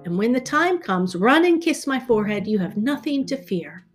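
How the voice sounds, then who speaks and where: A woman's voice: on the high side, sing-song, moderate pace, soft background music. A woman voicing a brave, cheerful young prince disguised as a shepherd, bold and calling out. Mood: comforting.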